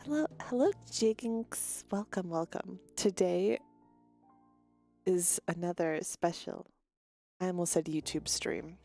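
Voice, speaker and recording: A woman with a slightly low voice chats casually with her stream viewers. She greets them one by one and drifts off her train of thought now and then. Faint music plays behind her. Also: slow pace, vocal fry, mellow. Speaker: virtual streamer.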